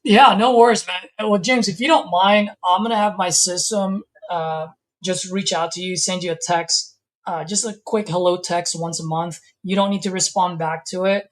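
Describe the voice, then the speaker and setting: On a live call with a seller, the host, a real estate investor from California, keeps things casual and warm. His voice sits high with a steady, fairly bright tone at normal speed.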